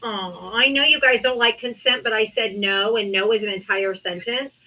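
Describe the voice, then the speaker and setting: Woman debate-stream host, mocking and profane, bright higher voice. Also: normal speed, low-quality recording. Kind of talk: live political debate stream.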